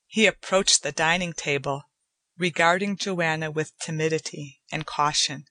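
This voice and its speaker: A woman giving a measured, deliberate audiobook narration of a story. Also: deep voice, fairly even intonation, sharp tone, no room sound. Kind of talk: scripted narration.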